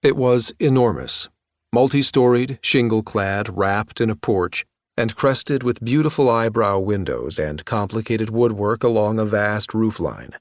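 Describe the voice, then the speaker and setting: A man narrating an audiobook in a measured, even-toned reading voice. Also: fairly low pitch, no echo, studio quality. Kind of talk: scripted narration.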